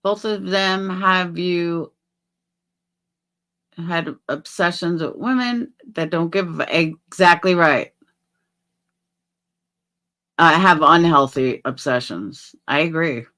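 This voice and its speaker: Hosting a relaxed livestream, a woman reads comments from viewers aloud and answers them bluntly. Her delivery is full of swearing and abrupt shifts between quiet muttering and loud outbursts.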